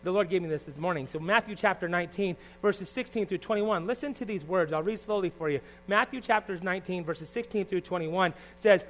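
High-voiced man preaching a sermon. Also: fast talker, few pauses, soft background music, poor audio. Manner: emphatic, with sudden loud rises and drops to quiet asides; conversational, asking the congregation rhetorical questions. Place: church service.

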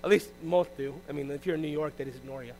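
Male pastor, high voice, lively sermon delivery, faint hum on the recording. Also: fast talker, rough recording. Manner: animated preaching, swinging between loud and hushed.

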